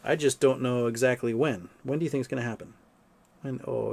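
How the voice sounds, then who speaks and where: Hosting a livestream, this thirty-something man wanders through stories in a relaxed chat, leaning on lots of filler words. He talks a little fast in a steady, mid-range voice that is slightly creaky and a bit mellow.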